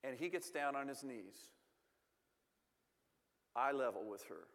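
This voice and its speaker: A man's voice: medium pitch, expressive, slow, gravelly, a bit bright, big-room sound. A man telling a family story to an audience, with self-deprecating humor and frequent repeated words.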